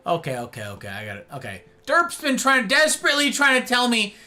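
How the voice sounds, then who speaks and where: A man's voice: very high-pitched, huge pitch swings, quick pace, bright, forceful tone. A man streaming a game live, exasperated and ranting about the controls while talking to his chat and a friend.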